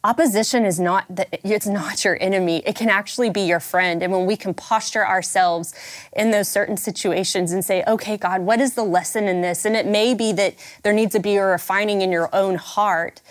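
A woman's voice: fairly low pitch, no room sound. A woman guest on a podcast, speaking earnestly and emotionally to encourage listeners. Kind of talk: heartfelt encouragement.

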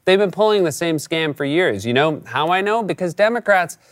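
A man's voice: on the high side, expressive, a little fast, no echo. A man hosting a late-night comedy show, delivering a scripted sarcastic monologue.

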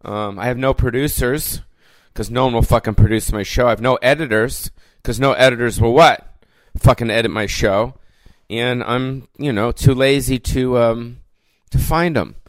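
A man with a mid-range voice hosts a solo podcast, rambling loosely and swearing freely. He fills gaps with ums and "you know." The sound is dry and close, with no room echo. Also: mid-range voice. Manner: rambling, profane, lots of fillers. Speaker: podcast host. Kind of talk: casual solo rant. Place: recorded alone without producers.

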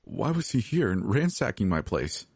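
A man's voice: fairly low pitch, sing-song, normal speed, creaky, a little mellow, husky, no room sound, studio quality, pitched above the performer's own voice, heavily acted. A man voicing a terrified young woman in a horror story, speaking in a shaky, pleading voice raised well above his own.

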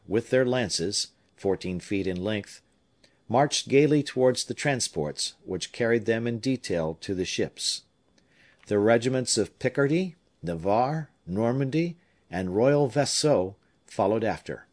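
In scripted narration, a male audiobook reader performs a novel in a measured, expressive way. His voice is at a medium pitch.

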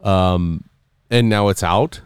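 A man's voice: low voice, slow pace, smooth, dry recording, studio quality. A man co-hosting a podcast in casual, joking chat, laying out the plan for the episode. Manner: animated, joking, plans the episode. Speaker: podcast co-host.

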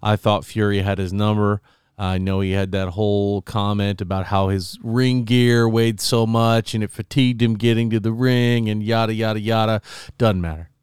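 A man's voice: fairly low pitch, flat delivery, normal speed, darkish tone, smooth, no room sound, clean studio sound. A man co-hosting a casual sports podcast, joking around and slipping into goofy impressions. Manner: jokey, does goofy voices of people. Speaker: podcast co-host. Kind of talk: casual chat.

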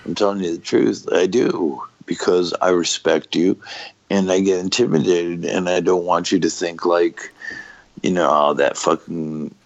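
A man's voice: low-pitched, steady tone, moderate pace, gravelly, a little mellow, dull audio. A middle-aged man, a former pro wrestler, talking candidly in an interview, raw and profane, stopping and restarting often.

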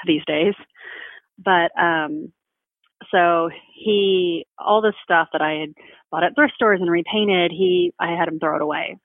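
A woman's voice: fairly low pitch, dry recording. Blunt woman over a tinny line. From Southern United States. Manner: frank and blunt, swears freely, with a lot of "like". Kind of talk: candid casual chat. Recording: phone-like narrow sound.

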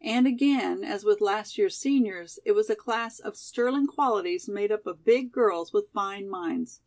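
In steady, measured narration, a woman reads a classic novel aloud as an audiobook reader. Her voice is mid-range.

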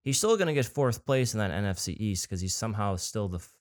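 Male co-host, country American accent, low pitch, dry studio sound, joking sports banter. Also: lively intonation, no room sound. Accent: American rural. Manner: self-deprecating, quick banter. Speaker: podcast co-host. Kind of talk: casual sports chat.

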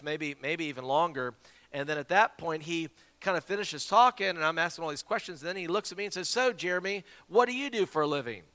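A man from South Carolina, an evangelist preaching a sermon and telling a story with lively, repeated words. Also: a little high, clean tone. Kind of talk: sermon with Bible reading. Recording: long hall reverb.

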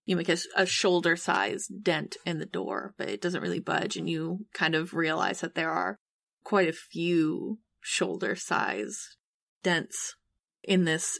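A woman narrating as game master of a tabletop game, halting and often breaking into laughter. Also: fairly low pitch, creaky, fairly bright tone, dry recording, studio quality.

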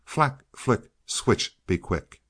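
A man's voice: medium pitch, expressive, drawn-out words, fairly bright tone, breathy edge, exaggerated voice. A man voicing a grumbling, blustering peasant man in a storybook reading, with a demanding manner.

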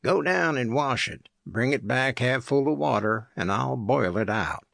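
A man's voice: mid-range voice, lively intonation, measured pace, vocal fry, a bit bright, no room sound, studio quality. A man voicing a self-assured male tramp cook who gives curt, superior orders. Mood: commanding.

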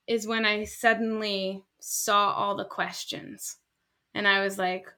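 A woman scientist in her thirties, explaining her research in lively casual conversation and acting out quoted voices. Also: mid-range voice, slow. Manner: animated, acts out quoted voices. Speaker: scientist guest.

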